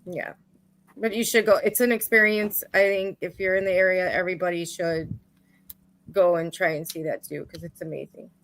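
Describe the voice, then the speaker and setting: A woman from the Chicago area with a lowish voice, talking eagerly on a livestream. Her voice sounds dry and close. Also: steady tone, normal speed, a bit bright, dry recording, low-quality recording. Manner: enthusiastic, recommending. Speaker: livestream co-host. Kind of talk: casual livestream chat.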